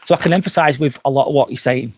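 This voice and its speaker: A man in his forties hosts a live stream outdoors at night and is slurring after a few drinks. He talks in a frank, rambling way, swears freely, and answers viewers' comments in a middle-pitched voice. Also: rapid-fire, a little mellow, a little hiss or hum. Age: 40s. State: tipsy, slurring. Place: outdoors at night by a campsite fire pit.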